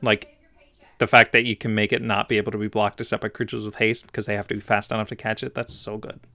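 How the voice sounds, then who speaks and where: A man co-hosting a podcast, chatting in an animated, jokey way with many fillers. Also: lowish voice, quick pace. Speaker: podcast co-host. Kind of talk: casual chat.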